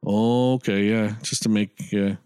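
A man co-hosting a podcast in casual chat, joking and jumping in with quick remarks. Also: lowish voice, clean tone, dry recording, studio quality. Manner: animated, quick interjections, joking. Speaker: podcast co-host.

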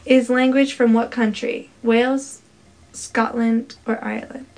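A woman casually quizzing a friend on holiday trivia, playful and quick to laugh. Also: fairly high pitch, level tone, darkish tone. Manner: playful, laughs often, tries out foreign words. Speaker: trivia quiz partner. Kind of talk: casual chat.

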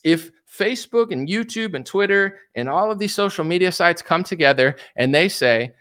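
A young man delivering a heated political rant as a commentator, animated and repeating himself, sometimes mocking others in put-on voices. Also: sits high, moderate pace.

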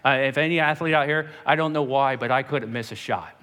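A man from Pennsylvania preaching a sermon, telling stories with animated, acted-out dialogue. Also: medium pitch, a little fast. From Pennsylvania, United States. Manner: animated storytelling, acts out dialogue.

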